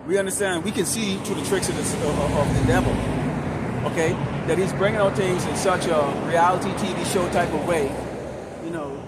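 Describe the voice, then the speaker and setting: A man preaching a fiery street sermon in a fairly high voice, loud and confrontational and hurling crude insults. He speaks outdoors beside a busy street, with heavy traffic roaring over the recording. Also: a little fast.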